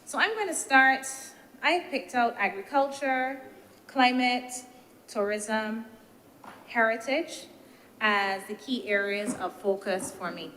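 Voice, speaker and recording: A woman senator giving a measured, deliberative speech in a senate debate, posing rhetorical questions as she weighs the points. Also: on the high side, pushed and bright. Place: senate chamber. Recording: reverberant chamber with faint background noise.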